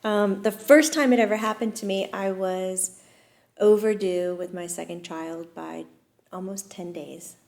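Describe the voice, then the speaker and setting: Woman host telling stories, laughs a lot, says um between bits, medium pitch. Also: vocal fry. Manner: lively, laughs often, pauses with fillers. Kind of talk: casual storytelling chat.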